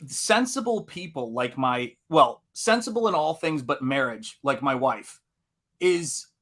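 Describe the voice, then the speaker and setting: A man hosting a live stream in casual chat, animated and laughing often, speaking in a General American accent. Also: mid-range voice, measured pace. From United States. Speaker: livestream host.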